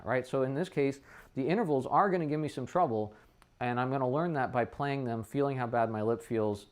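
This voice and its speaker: A trumpet teacher talking a student through his practice session, thinking aloud and often checking in with a quick "right?". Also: medium pitch. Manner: thinks aloud with frequent restarts. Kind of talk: casual practice demonstration.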